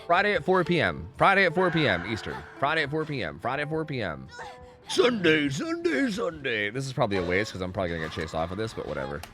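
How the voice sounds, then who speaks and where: A man streaming a game live and chatting with viewers, excitable and profane, swinging between loud pleading and low mumbling. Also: fast talker, music in the background. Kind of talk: live gaming commentary with chat.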